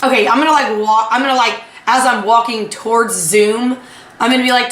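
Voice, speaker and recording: A woman playing a tabletop role-playing game, casually talking through what her character does, halting and full of fillers. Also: fairly high pitch, fairly even intonation, fairly bright tone, slight background noise. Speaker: player. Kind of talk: tabletop role-play chat. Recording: echoey room, mic at a distance.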